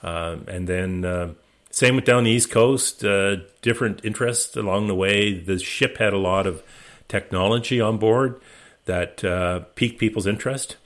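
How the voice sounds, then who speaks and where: A man, guest of an interview, telling his voyage stories in a relaxed, anecdotal way with many restarts. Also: lowish voice, moderate pace. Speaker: interview guest, expedition skipper. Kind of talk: relaxed storytelling.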